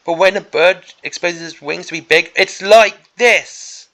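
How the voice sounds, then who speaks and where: Gravelly, exasperated miniatures vlogger man. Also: sits high, a little slow, bright, forceful tone. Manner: exasperated, sarcastic. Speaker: miniatures hobby channel host. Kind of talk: ranting preview commentary.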